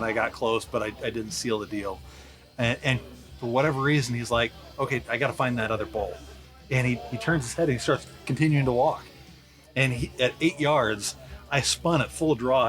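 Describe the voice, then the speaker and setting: A man in casual conversation, telling a story in steady, detailed fashion. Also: medium pitch. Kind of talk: casual hunting chat.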